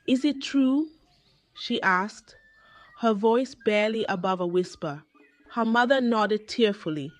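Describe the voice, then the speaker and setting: A woman telling a dramatic story in a scripted narration style, reading slowly and deliberately. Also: mid-range voice, fairly bright tone.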